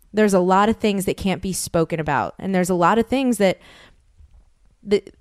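A woman's voice: mid-range voice, clean tone, no echo, studio quality. A woman in her thirties hosting a podcast, speaking candidly and emotionally with frequent restarts and self-deprecating laughs. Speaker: podcast host. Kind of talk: candid personal monologue.

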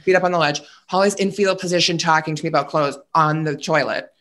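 A man as a podcast guest in casual chat, telling animated stories with lots of "like" and fillers. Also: fairly high pitch, fast talker. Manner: animated storyteller, chatty with many fillers.

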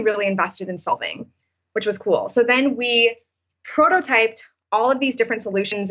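Woman teacher, bright voice, chatty with restarts, slightly dull lo-fi sound. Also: mid-range voice. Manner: chatty, many fillers and restarts. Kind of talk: interview answers, storytelling.

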